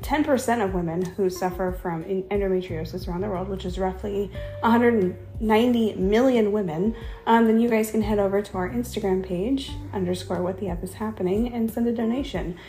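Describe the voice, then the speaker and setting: A woman co-hosting a podcast, teasing and laughing in relaxed chat. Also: medium pitch, fairly quick, roomy sound, faint music behind. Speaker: podcast co-host. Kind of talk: casual chat.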